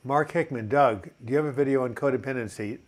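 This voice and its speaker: Quick-paced and mid-range in voice, an older man leads a laid-back mental health live chat. He's cheerful and chatty, reading viewer comments aloud and using lots of filler words.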